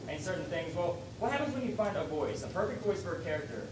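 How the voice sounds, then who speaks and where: A man's voice: high-pitched, animated, quick pace. A man in the audience asking a hesitant, rambling question at a convention panel. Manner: rambling, hesitant, many fillers. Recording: distant mic in a noisy echoey hall.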